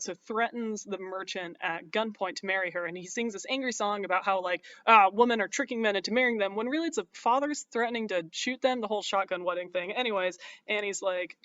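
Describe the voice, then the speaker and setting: A man with a notably high voice rattles off a story summary in a dry, irreverent tone. He talks loosely, with plenty of ums and likes. The audio is somewhat dull and lo-fi. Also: fairly bright tone, no room sound. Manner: wry, irreverent, chatty with fillers. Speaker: comedic recapper. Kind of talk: casual sarcastic plot recap.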